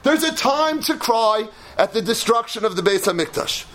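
A man giving an animated Torah sermon, building to shouts and peppering his talk with Hebrew and Yiddish terms. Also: very high-pitched, moderate pace.

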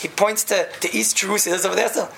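A man telling an animated story to listeners, laughing often and acting out the people in it. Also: sits high, rapid-fire, creaky. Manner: lively, laughing, acts out voices, frequent "right?". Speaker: speaker telling a story to a group.

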